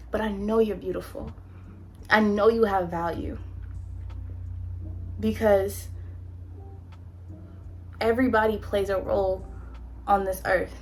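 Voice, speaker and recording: A woman from California telling her own story in a candid, animated, slangy way, as a motivational vlogger on a close mic. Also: medium pitch, a little hiss or hum. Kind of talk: personal storytelling, motivational talk.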